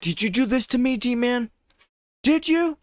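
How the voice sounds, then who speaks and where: A man's voice: low voice, lively intonation, normal speed, no room sound, studio quality. A man reading aloud the lines of a lovestruck, possessive teenage girl from a visual novel, moving between teasing and anguish. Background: loud game music.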